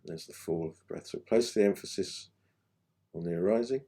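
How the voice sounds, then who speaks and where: A man leads a guided meditation lesson in a deep, mellow voice. He speaks gently and without hurry, his sentences often sinking to a soft, quiet finish. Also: gravelly. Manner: gentle, unhurried, phrases trailing off softly. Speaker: meditation teacher.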